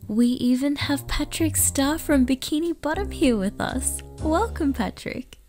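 High, unhurried woman host. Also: darkish tone, soft background music. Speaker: gaming creator. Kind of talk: game voice-over.

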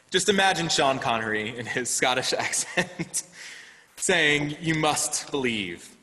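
A man delivers a sermon at an unhurried, measured pace, and his tone is bright and forward. He tells a story in an earnest, deliberate way, pausing often. His voice rings out with a long reverb, as if he is in a large hall. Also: mid-range voice. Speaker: director of lifespan faith development.

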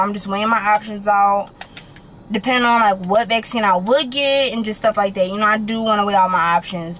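A young woman vlogging from her car, chatting to her viewers in an animated, slangy way and swearing casually. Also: mid-range voice, slight background noise, low-quality recording. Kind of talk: casual chat to camera.

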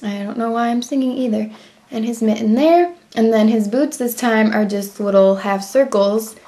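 A young woman with a slightly high voice walks through a drawing step by step. She keeps up a chatty, self-commenting voice-over and paces her words to her pen. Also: normal speed, mellow. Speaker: drawing tutorial host.

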